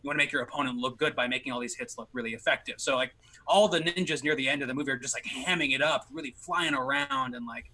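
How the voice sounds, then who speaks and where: A man's voice: medium pitch, lively intonation, quick pace, pushed and bright. A man co-hosting a podcast, explaining things with enthusiasm in casual chat. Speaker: podcast co-host.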